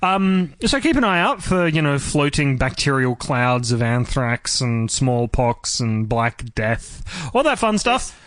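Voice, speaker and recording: A man with an Australian accent co-hosting a podcast in casual chat, trading deadpan absurd jokes. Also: mid-range voice, measured pace, dry recording, clean studio sound. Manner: joking, deadpan absurd asides. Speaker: podcast co-host.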